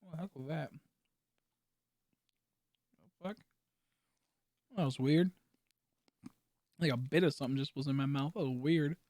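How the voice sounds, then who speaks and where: A man's voice: on the high side, a little slow, pauses often, darkish tone, no echo, studio quality. A young man chatting casually while streaming a game, rambling with mumbled asides and lots of fillers. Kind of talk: casual live-stream chat while gaming.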